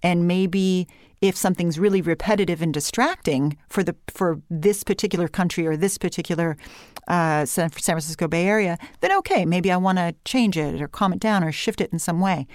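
A woman voice and speech coach with a Californian accent, explaining her work in an animated interview conversation. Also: lowish voice, fairly quick, no echo, clean studio sound. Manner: animated explanatory talk with light vocal fry and uptalk.

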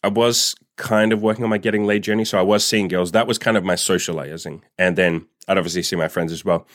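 A man's voice: low voice, fairly even intonation, quick pace, no echo, studio quality. A man vlogger telling a personal story in a candid, profane way, full of "like" fillers. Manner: candid and profane, heavy use of "like". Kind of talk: casual storytime monologue.

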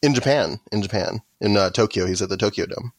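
Low dry-voiced man. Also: brisk, dry recording. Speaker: podcast co-host. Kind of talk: casual interview chat.

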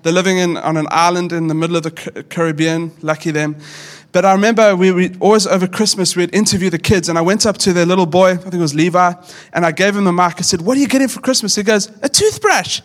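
A man's voice: sits high, level tone, quick pace, few pauses. A man in his thirties, a pastor preaching a sermon in an earnest, conversational way, often restarting his sentences.

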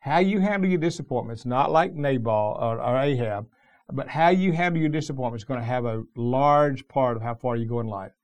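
A man's voice: medium pitch, brisk. A middle-aged man preaching a sermon as pastor, telling the story in a loose, conversational way with frequent restarts.

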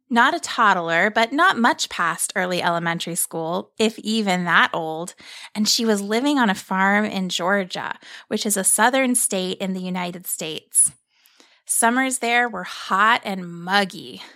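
A woman narrating a gentle story in a calm, explanatory way, stopping to explain things as she goes. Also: medium pitch.

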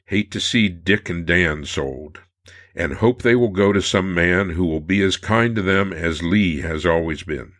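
Man, very deep voice, narrator, reading old letters aloud, measured and unhurried. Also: a bit bright.

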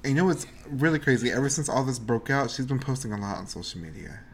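An excitable man in a casual podcast chat who swears freely and breaks into laughter often. His pitch swings widely as he talks, and there is faint noise under the recording. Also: fast. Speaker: podcast co-host.

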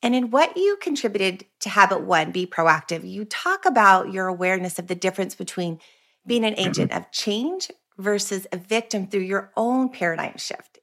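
A woman hosts an interview for educators, asking long, considered questions at a measured pace. Her voice sits at a middle pitch, and she backs up her guest with short affirmations. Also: animated, fairly bright tone. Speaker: podcast host for educators.

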